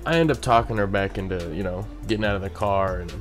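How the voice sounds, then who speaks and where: Laid-back man with a low voice. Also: quick pace, faint music behind. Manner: rambling, many "you know what I mean" asides. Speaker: bartender telling a story. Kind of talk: casual storytelling vlog.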